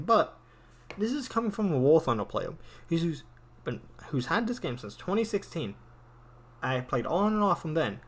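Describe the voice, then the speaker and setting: A frustrated gamer man who vents in a heated, swearing rant and repeats his points to hammer them home. His voice sits a little higher than most men's, with a faint hiss of noise behind him. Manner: frustrated, swears often, repeats words for emphasis. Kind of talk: angry ranting commentary over a game screen.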